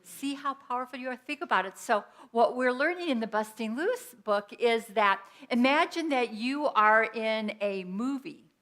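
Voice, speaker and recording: A middle-aged woman minister preaches with a clear, bright voice. She tells personal stories in a lively way and acts out the lines of the people in them. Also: a little high, normal speed, hardly any pauses. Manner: animated storytelling with quoted asides and laughter. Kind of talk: sermon.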